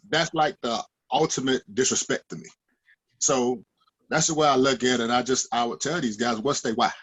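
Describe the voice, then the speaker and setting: A former linebacker talks emphatically in a roundtable chat, his fairly bright voice jumping higher in pitch whenever he acts out other people.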